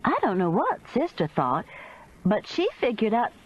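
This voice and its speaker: A woman reading a cozy mystery audiobook in expressive first-person narration. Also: medium pitch, normal speed, muffled recording. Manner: expressive storytelling.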